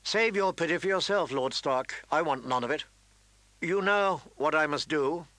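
A man's voice: on the high side, moderate pace, bright, forceful tone, no echo. A man reading aloud voices a proud, contemptuous noble queen who speaks with haughty scorn. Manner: contemptuous, haughty, turning seductive.

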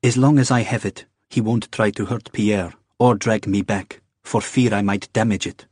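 A man reading aloud, voicing a haughty, defiant young woman with sharp, clipped retorts. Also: fairly low pitch, fairly even intonation, normal speed, breathy edge, no echo, studio quality. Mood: bitter.

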